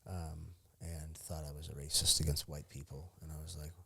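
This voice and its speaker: A man's voice: rumbling low, level tone, fairly quick, vocal fry, sharp tone, slightly rough. A middle-aged man, a former fighter and podcast guest, telling stories in casual chat, swearing freely and laughing often. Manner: profane, storytelling, laughs often.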